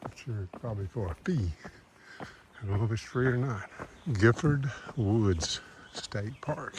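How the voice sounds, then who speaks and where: Low-voiced man vlogging on trail. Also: animated, measured pace, noisy background. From American South. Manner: rambling, chuckling, talks to himself while walking. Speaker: thru-hiker vlogger. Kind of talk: casual trail vlog narration. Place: outdoors on a mountain hiking trail.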